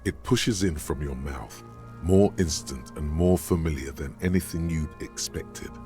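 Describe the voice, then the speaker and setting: An ominous, very deep game narrator. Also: male voice, over music. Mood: grave. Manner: slow, grave, vivid descriptions. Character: ominous male narrator inside the hero's head.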